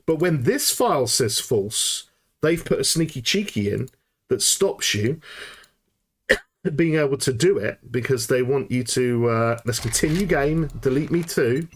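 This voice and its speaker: With a breathy edge to his medium-pitched voice and a measured pace, a man hosts a live gameplay tutorial. He thinks things through aloud, brightens with excitement when he cracks something, and often begins sentences again.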